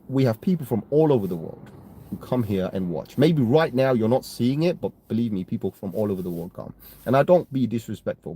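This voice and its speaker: British male stream host, rambling and heated, mellow husky voice. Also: mid-range voice. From United Kingdom. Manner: rambling, repeats "right?" and restarts, gets heated. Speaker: crypto livestream host. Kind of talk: casual live-stream talk to chat.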